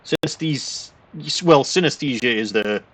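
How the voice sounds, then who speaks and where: A man's voice: medium pitch, lively intonation, unhurried, a bit bright. A man streaming a game, chatting casually and rambling to himself as he plays, often correcting his own words.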